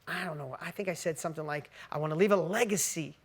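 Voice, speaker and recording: A middle-aged man with a slightly higher than usual voice tells a personal story to an audience of listeners. He speaks earnestly and with feeling. He acts out the conversations he recounts as he goes. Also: quick pace, breathy edge. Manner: earnest and emotional, acting out quoted dialogue. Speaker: motivational speaker.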